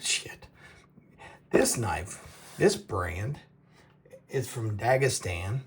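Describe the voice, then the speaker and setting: A man hosting a casual knife review, talking in a halting, rambling way and tripping over names. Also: lowish voice, expressive, vocal fry. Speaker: knife reviewer, show host.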